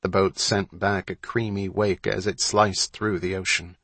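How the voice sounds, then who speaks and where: A man narrating a story aloud in a steady, measured storytelling manner. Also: low voice, husky, no echo. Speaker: audiobook narrator. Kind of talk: scripted narration.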